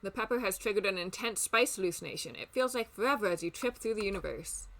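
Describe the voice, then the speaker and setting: A woman's voice: medium pitch, fast, a bit bright, faint music behind. A young woman streamer reading a dating game's text aloud, adding playful, wry asides.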